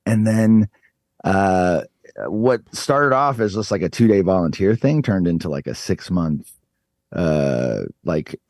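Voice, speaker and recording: Man, 30s, low voice, mellow tone, casual podcast storytelling, animated, curses freely. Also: slow pace, dry recording. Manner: animated, swears freely, acts out quotes. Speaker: podcast guest.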